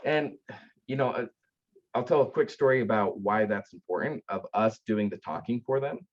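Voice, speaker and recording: A man, founder of an aftercare company, telling stories in an earnest, animated way with frequent restarts. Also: fairly low pitch, normal speed, muffled recording. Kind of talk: conversational storytelling.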